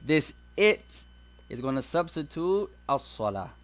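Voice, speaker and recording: A man's voice: on the high side, animated, moderate pace. A man teaching an Arabic grammar class, explaining step by step and mixing English with Arabic examples.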